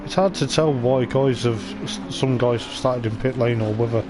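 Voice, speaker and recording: This man talks at a normal pace in a mid-range voice, meandering casually as he commentates live on an online racing league race. The racing game's car engines can be clearly heard in the background.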